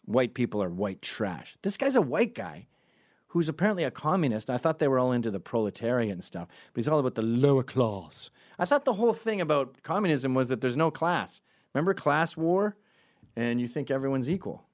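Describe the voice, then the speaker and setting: A man's voice: mid-range voice, sing-song, a little fast. A male host giving sarcastic, mocking commentary on voicemails he plays.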